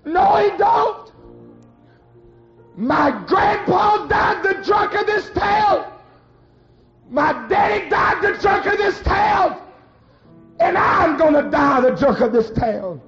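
A man's voice: high-pitched, slow pace, pauses often, over music, a crowd in the background, voice pushed up. A man preaching, voicing a dying old drunk who pleads and cries out in despair. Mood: anguished. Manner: pleading, rising to anguished shouts. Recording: dull lo-fi recording.

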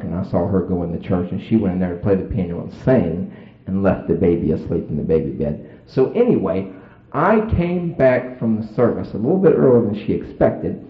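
A man telling a folksy story to a crowd in a plain, colloquial way. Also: low-pitched. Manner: plain-spoken, colloquial, lively and playful. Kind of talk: folksy anecdote told to an audience. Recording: roomy, phone-like audio.

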